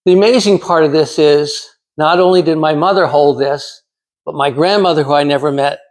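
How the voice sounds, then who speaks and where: A man in his sixties from California giving a prepared storytelling speech in a measured, dramatic way with pauses. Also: fairly high pitch. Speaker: club speaker.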